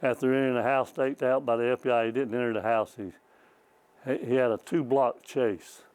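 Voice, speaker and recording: A man's voice: medium pitch, fairly even intonation, a little fast, a little mellow, clear, resonant tone, rough recording. An older man, a former state trooper giving a rambling, folksy presentation at a small library talk, often repeating words as he goes. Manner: rambling, repeats words, chuckles at his own stories. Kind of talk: folksy storytelling lecture.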